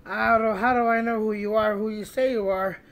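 A man's voice: sits high, fairly even intonation, brisk, a bit bright. A man doing a chummy, officious male cop. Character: folksy male police officer.

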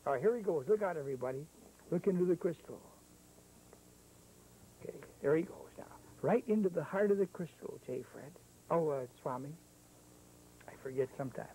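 A man with a high, mellow voice hosts a 1970s children's TV show as a magic clown. He talks in playful, coaxing patter to the kids at home and teases his puppet sidekick. Faint hiss sits under the old broadcast sound. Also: low-quality recording.

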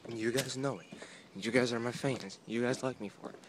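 With a mid-range voice and a fairly quick delivery, a young man vlogs his walk down a boardwalk, phone held out at arm's length. His chatter is rambling and self-mocking, and the outdoor recording has a constant hum of noise.

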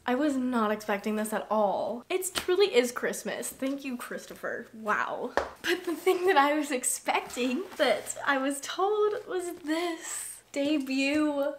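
A young woman vlogging an unboxing, gushing and excitable, with lots of "like" in her talk. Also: high voice, slight background noise. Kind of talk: casual unboxing chat.

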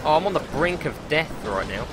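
A man's voice: on the high side, fairly quick, heavy background noise. A man commentating a horror game let's play, panicky, swearing and joking as he plays. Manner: panicky, swearing, jokey and excitable. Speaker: gaming YouTuber.

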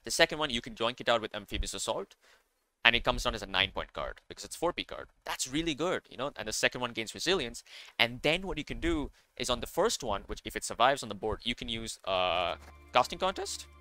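A man's voice: medium pitch, expressive, fairly quick, pushed and bright, no room sound. A man commenting casually on a card game, enthusiastic and rambling, with many fillers and self-corrections. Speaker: card game content creator.

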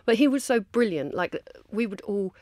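A woman's voice: mid-range voice, animated, moderate pace, mellow, no echo, clean studio sound. A woman, a podcast guest chatting and teasingly recalling family moments. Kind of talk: casual chat.

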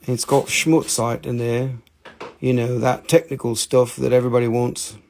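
A man's voice: mid-range voice, flat delivery, normal speed, creaky, a little mellow. A man hosting a casual live sales stream, joking, mocking himself and swearing casually as he shows off stones. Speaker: host selling minerals on a live stream.

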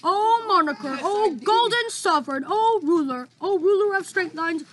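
A woman doing a booming, humble giant. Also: expressive, moderate pace. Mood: exclaiming. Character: towering gentle male giant, humble, mangles words.

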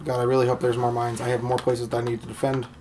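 A man's voice: medium pitch, monotone, racing, background noise. A man co-hosting a game playthrough in casual, joking banter, laughing often. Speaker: gameplay co-host.

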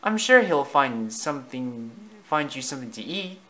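A man voicing a young female deer who softly gives caring advice. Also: mid-range voice, sing-song, normal speed. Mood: kind.

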